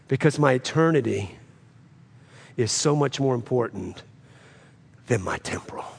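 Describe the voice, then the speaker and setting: A man preaching a sermon, swinging between loud, high climaxes and low, quiet drops, repeating phrases for emphasis. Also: expressive, unhurried, gravelly, pauses often, husky. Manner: preaching with sudden rises and drops in pitch and loudness, repeating phrases. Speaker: pastor.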